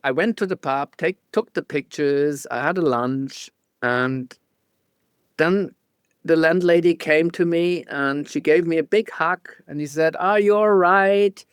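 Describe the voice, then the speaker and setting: Man, German accent, interview guest, halting speech, fairly high pitch. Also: smooth, no room sound, studio quality. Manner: halting, many restarts and small laughs. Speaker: guest photographer. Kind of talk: casual interview chat.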